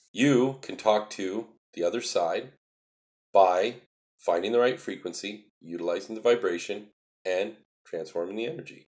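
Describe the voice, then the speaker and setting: Livestream host, male, lowish voice, earnest and emphatic, repeats his points. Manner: earnest, repetitive, emphatic explaining. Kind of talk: casual livestream talk answering viewer chat.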